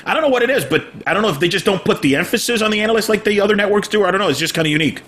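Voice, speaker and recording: A man in casual sports talk as a podcast panelist, relaxed and conversational. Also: sits high, rapid-fire.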